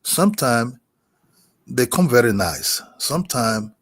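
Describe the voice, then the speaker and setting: Brief: man, husky, insistent, repeats himself and keeps checking that he is understood. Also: mid-range voice, sing-song, unhurried, fairly bright tone. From Nigeria. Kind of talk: heated casual debate.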